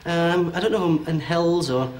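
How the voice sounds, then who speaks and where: A Scottish man in his forties giving a medium's reading, talking in a quick, animated way with many fillers and checks. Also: on the high side. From Scotland. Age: 40s. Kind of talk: live one-to-one reading before an audience.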